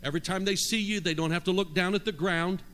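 High bright guy preaching in a church, shouts and call-and-response, big hall echo. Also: steady tone, fast. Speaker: pastor. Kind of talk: sermon. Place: church sanctuary. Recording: long hall reverb, faint noise.

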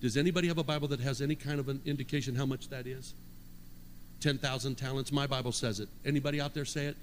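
A man preaching a Pentecostal-style sermon, reading scripture, shouting out and calling for responses from his congregation. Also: medium pitch, steady tone, quick pace. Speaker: pastor. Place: church sanctuary. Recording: long hall reverb, faint noise.

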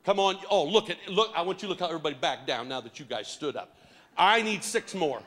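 A man's voice: a little high, animated, quick pace, fairly bright tone. A man preaching to a congregation in a church hall, coaxing them with playful teasing and jokes. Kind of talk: lively interactive church talk.

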